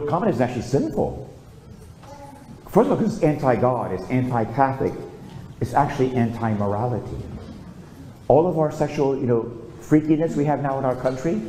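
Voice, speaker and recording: A priest with a mid-range male voice tells a story during his homily, preaching with lively, conversational energy and calling for amens. The recording carries the echo of a church along with a little hiss or hum.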